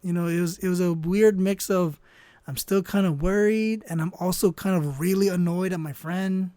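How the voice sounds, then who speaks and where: High-voiced man telling a rambling story. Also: moderate pace, warm tone, no echo. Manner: rambling and offhand, full of "you know" and "I don't know". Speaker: storyteller and artist. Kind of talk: casual comedic storytelling while drawing.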